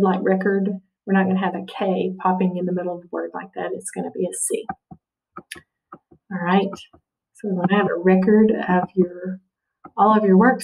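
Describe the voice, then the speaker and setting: A woman's voice: medium pitch, darkish tone, distant mic, poor audio. A woman teaching a spelling lesson, patiently sounding out words and checking in with her students often. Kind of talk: spelling lesson over slides.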